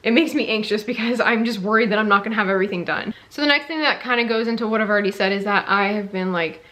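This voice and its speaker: A woman's voice: medium pitch, fast talker, sharp tone. Young woman, pregnant, casual vlog, chatty, rambling, filler-heavy. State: heavily pregnant. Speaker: vlogger, stay-at-home mom.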